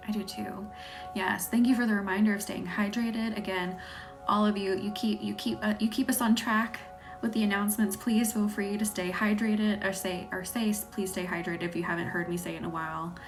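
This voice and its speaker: A woman from the American South with a light Southern accent, hosting a live Reiki stream. She chats with viewers and thanks them by name, and often drops into a soft whisper. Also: mid-range voice, fairly even intonation, brisk, soft background music. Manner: chatty, laughs easily, thanks viewers by name. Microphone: phone or webcam on a live stream.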